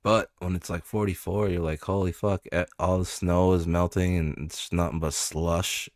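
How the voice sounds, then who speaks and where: Young male streamer, very low voice, loose cursing chat, dry close mic. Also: little pitch movement, moderate pace, no room sound. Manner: laid-back, swears a lot.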